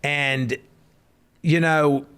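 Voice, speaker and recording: A man with a fairly high, clean-toned voice speaks extremely slowly. He co-hosts a casual podcast full of storytelling chat, staying animated and rising to hollering as he tells his stories.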